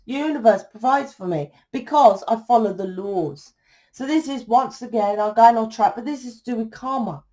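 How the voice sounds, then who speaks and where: A woman's voice: fairly high pitch, darkish tone, low-quality recording. A woman, a tarot reader giving a blunt ranting monologue to camera, swearing and asking rhetorical questions.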